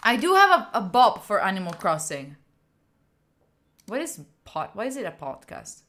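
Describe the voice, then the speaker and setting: A woman's voice: mid-range voice, very animated, moderate pace, a bit bright. A woman from Italy hosting a study live stream, chatting playfully with her viewers, laughing and swearing often. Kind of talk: casual live-stream chat.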